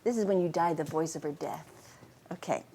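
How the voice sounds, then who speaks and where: A middle-aged woman, a voice actress, telling casual anecdotes in an animated way and laughing often. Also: low voice, brisk, vocal fry, a little hiss or hum. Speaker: voice actress and interview guest.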